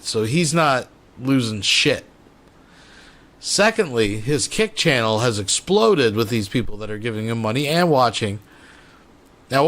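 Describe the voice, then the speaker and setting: A man's voice: mid-range voice, fairly bright tone. A man hosting a commentary channel, explaining bluntly and swearing freely.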